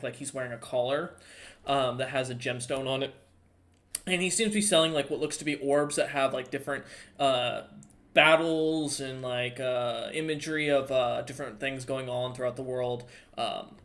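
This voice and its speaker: A man narrating a tabletop game as game master, halting and full of ums and uhs. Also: medium pitch, a bit bright.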